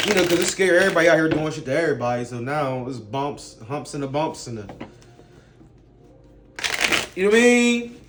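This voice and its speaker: A man's voice: fairly high pitch, big pitch swings, fairly quick, pauses often, noisy background. Blunt, profane man ranting. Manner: blunt, profane street talk; ranting, rhetorical questions. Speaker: vlogger. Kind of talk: casual rant to camera.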